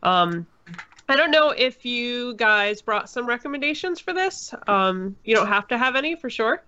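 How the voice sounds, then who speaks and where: Bright-voiced woman hosting a podcast. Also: on the high side, animated, normal speed, smooth. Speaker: podcast host. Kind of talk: casual interview questions. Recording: dull lo-fi sound.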